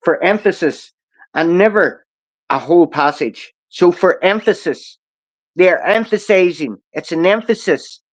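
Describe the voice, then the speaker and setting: A man's voice: high-pitched, animated, measured pace. A man in casual podcast talk, stumbling and repeating words as he reads out passages. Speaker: co-host explaining the constitution. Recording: dull lo-fi audio.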